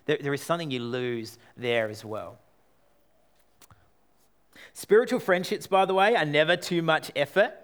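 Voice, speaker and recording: A man delivers a sermon with a slightly higher voice than most men. He is animated and acts out the people he quotes. He drops to a hush, then rises again. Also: moderate pace, long pauses. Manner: animated, acts out quoted voices, shifts between loud and hushed. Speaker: pastor.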